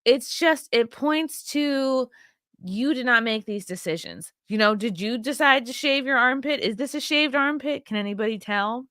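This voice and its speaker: A woman's voice: a little high, moderate pace, a bit bright, dry recording, studio quality. A woman hosting her own show, giving blunt, profane and rambling commentary on video clips with a sarcastic edge. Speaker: host.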